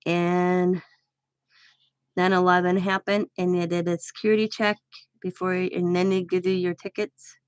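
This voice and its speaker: In a fairly low, smooth voice with flat delivery, this middle-aged craft vlogger talks unhurriedly as she crafts. Her personal story rambles in a casual, chatty way, full of laughs and frequent mid-sentence self-corrections. There's no room sound, and the quality is studio grade.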